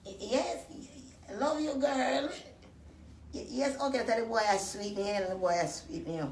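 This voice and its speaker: A woman with a Jamaican accent voicing a fawning, two-faced older mother-in-law who coos and flatters. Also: a little high, measured pace, a little hiss or hum. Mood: sugary. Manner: sugary, flattering, cooing. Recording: roomy echo, distant from the mic.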